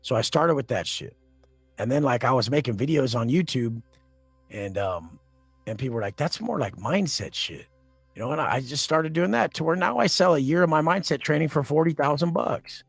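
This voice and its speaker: A man's voice: medium pitch, lively intonation, moderate pace, creaky, slightly rough, no echo, soft background music. A man as a podcast guest, telling blunt, aggressive stories and swearing constantly, often acting out confrontations. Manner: acts out quoted confrontations. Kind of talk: profane storytelling in a podcast interview.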